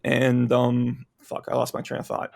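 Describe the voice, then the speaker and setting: A man's voice: medium pitch, completely flat delivery, unhurried, creaky, a little mellow. A man in casual podcast chat, easygoing, talking with lots of filler words. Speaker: podcast guest.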